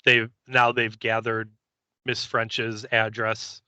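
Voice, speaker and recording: A man co-hosting a podcast, casually recapping an episode scene by scene and slipping into quick character voices. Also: fairly low pitch, monotone, sharp tone, clear, resonant tone, no echo, muffled recording. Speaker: podcast co-host.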